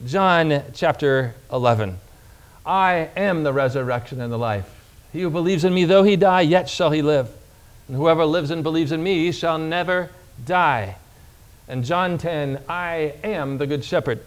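A man delivers a sermon in a slightly higher-than-average voice. He preaches emphatically, drawing out key phrases and putting questions to his listeners. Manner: emphatic preaching, slowing on key words and reading scripture aloud; addresses congregation with questions.

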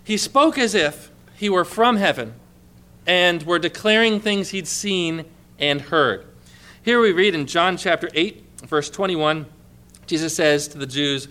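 Preacher, male, high and bright, emphatic scripture-reading delivery. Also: measured pace. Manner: emphatic preaching, reads scripture aloud with rising intensity. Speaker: pastor. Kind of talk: sermon.

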